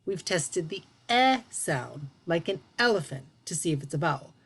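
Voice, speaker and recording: A woman's voice: lowish voice, lively intonation, moderate pace, husky. A woman teaching a phonics lesson to young children, patient and encouraging as she models sounds.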